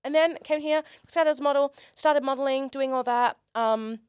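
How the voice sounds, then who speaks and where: A young Australian performer telling stories in a casual interview, animated and comic, acting out quoted voices. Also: female voice, high-pitched, moderate pace, no room sound, studio quality. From Australia, Perth. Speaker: guest, performer.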